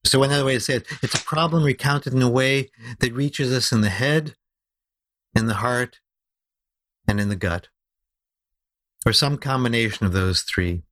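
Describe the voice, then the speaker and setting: A man talking as a podcast guest about storytelling. He explains in an animated, lively way and slows down to stress his key ideas. His voice sits at an average pitch, and the recording is close and dry. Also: dry recording. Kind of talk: conversational podcast interview.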